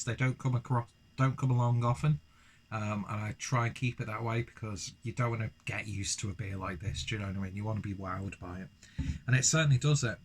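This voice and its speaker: A man's voice: on the low side, slightly rough. A young man chatting through a beer review, rambling and self-deprecating, with lots of fillers. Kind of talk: casual beer review vlog.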